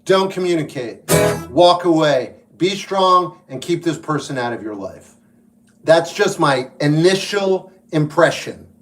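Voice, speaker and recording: A man's voice: fairly high pitch, lively intonation, measured pace, soft background music. A man from New Jersey hosting a livestream, reading viewer comments and giving blunt, wry advice. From New York / New Jersey. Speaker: livestream host and musician. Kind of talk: casual livestream chat answering viewers.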